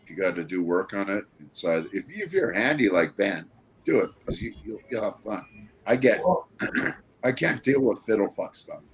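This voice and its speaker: Lively low-voiced easygoing man. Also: normal speed, muffled recording, slight background noise. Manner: easygoing, laughs readily, chimes in. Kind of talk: casual livestream chat.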